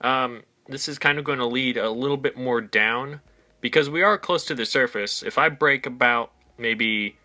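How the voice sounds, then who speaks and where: A man's voice: mid-range voice, moderate pace, pushed and bright. A man casually narrating his own game as he plays, rambling with frequent ums and little laughs. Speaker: gaming channel host. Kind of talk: casual let's play commentary.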